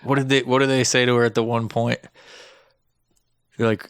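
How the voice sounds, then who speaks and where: A man's voice: medium pitch, little pitch movement, moderate pace, clear, resonant tone, no room sound, studio quality. A man co-hosting a casual podcast, mocking a bad movie, swearing a lot and acting out its lines in silly voices. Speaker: podcast co-host. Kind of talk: casual movie review chat.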